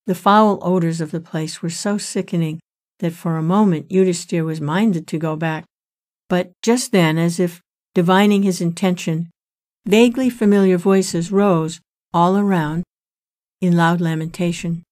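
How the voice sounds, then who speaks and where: Woman narrator, lowish voice, measured solemn storytelling. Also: fairly even intonation, darkish tone. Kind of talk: scripted narration of a sacred epic.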